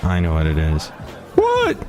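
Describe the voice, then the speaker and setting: A man's voice: wildly swooping pitch, unhurried, a little mellow, soft background music, a faint crowd, exaggerated voice. A man voicing a weepy floor worker who always sounds like he is crying. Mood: whimpering. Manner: whiny, tearful falsetto.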